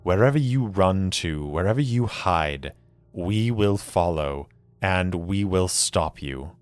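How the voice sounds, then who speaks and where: A man's voice: deep voice, animated, takes it slowly, clean tone, soft background music. A man voicing a stern, resolute warrior-agent who speaks firmly and intimidates. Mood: threatening.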